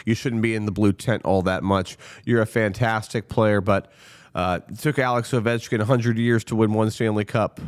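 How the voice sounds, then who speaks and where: A man's voice: on the low side, fairly even intonation, moderate pace, clear, resonant tone. A man hosting a sports commentary show, ranting in a heated, sarcastic way and swearing freely. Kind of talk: opinionated sports rant.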